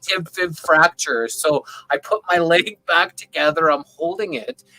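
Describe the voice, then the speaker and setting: A man telling a long, rambling story in casual conversation on a video call, keeping it animated and often checking in with the listener. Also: a little high, measured pace, creaky, dry recording, low-quality recording. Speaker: open panel participant.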